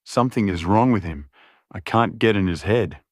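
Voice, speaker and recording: Monotone werewolf seer woman, voiced by a male narrator, low-pitched, dry audiobook sound. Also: moderate pace, no room sound. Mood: calm, uneasy. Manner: flat, monotone delivery. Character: worried young werewolf woman, calm seer.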